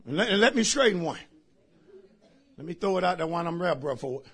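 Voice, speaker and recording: A pastor preaching a sermon in a church, shouting lines for the congregation to repeat and then dropping into quiet asides. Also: male voice, fairly high pitch, lively intonation, fairly quick, vocal fry, husky. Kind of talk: shouted call-and-response sermon. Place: church sanctuary.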